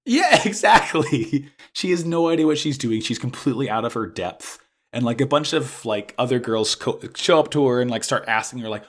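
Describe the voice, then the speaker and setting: A man casually recapping an anime episode as podcast co-host, animated and swearing freely. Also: medium pitch. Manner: animated, swears freely, acts out characters' lines in quick bursts.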